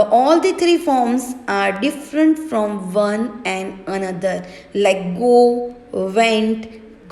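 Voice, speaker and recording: A woman with an Indian English accent teaching English grammar, spelling words out letter by letter in a slow, deliberate way. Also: fairly high pitch, darkish tone. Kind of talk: recorded grammar lesson. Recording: echoey room with long reverb.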